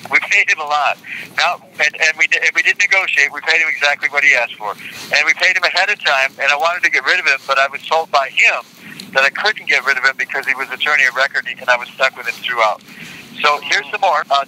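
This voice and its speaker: An older man being interviewed, reading court transcript quotes aloud in a deliberate, indignant way and repeating lines for emphasis. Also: fairly high pitch, bright, forceful tone, slight background noise, poor audio. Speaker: interview guest.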